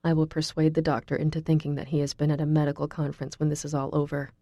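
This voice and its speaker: Low hushed growl of a worn-out young guy, voiced by a woman, darker than her narration, dry. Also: steady tone, moderate pace, no echo, heavily acted. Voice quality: hoarse, low near-growl. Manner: hushed and tense. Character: young man, tense, exhausted, brooding.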